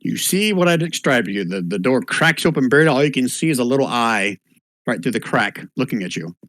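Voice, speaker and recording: Bright-voiced man running a game. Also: medium pitch, lively intonation, brisk, no echo. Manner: laughing, descriptive. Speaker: game master. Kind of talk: narrating a tabletop game. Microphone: online voice chat.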